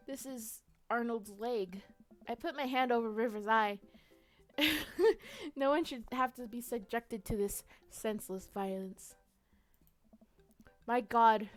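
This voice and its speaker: A young woman streaming a detective role-play game, narrating her moves playfully and laughing easily over faint music. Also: a little high. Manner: playful, quick to laugh, reads out story text.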